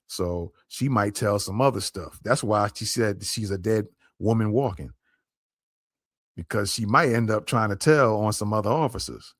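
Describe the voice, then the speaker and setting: A man's voice: on the low side, normal speed, dry recording, clean studio sound. Emphatic man hosting a commentary podcast. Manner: emphatic, repeats points, addresses listeners directly. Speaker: podcast host. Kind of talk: commentary on a played clip.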